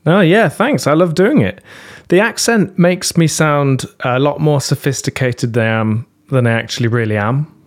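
A man's voice: on the high side, normal speed. Joking British man. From Britain. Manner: self-deprecating, joking. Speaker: podcast panelist. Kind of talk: casual chat.

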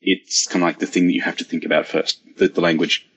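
A man speaking as a podcast panel guest, thoughtful and a little halting. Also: low voice, level tone, fairly bright tone, husky, poor audio. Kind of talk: casual panel chat.

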